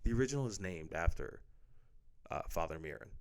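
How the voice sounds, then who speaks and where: Low-voiced man ranting about a movie. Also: expressive, brisk. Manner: blunt, profane, full of fillers. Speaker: movie reviewer. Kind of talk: casual ranting film review.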